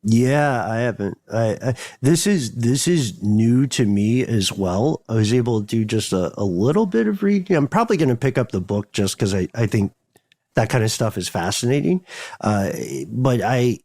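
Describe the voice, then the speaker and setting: A man's voice: mid-range voice, animated, darkish tone, dry recording. Thoughtful man musing on a podcast. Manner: thoughtful and digressive, builds points slowly with restarts. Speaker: podcast co-host. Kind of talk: casual podcast chat.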